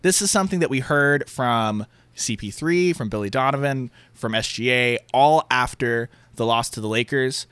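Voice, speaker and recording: Guy doing sports analysis, bright voice, dry close mic. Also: mid-range voice, normal speed, clear, resonant tone, dry recording. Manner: earnest, explains at length. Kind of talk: casual sports chat.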